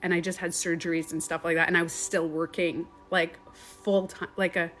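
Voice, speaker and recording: A woman who coaches meditation, telling a personal story on a live stream in an animated way, swearing casually and laughing often. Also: lowish voice, moderate pace, faint music behind.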